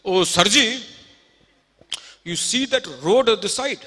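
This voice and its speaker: A man's voice: medium pitch, steady tone, fairly quick, sharp tone, voice pushed down, close to an everyday voice. A man voicing a proud, sly rural Indian farmer who answers with dry wit, in a reverberant auditorium.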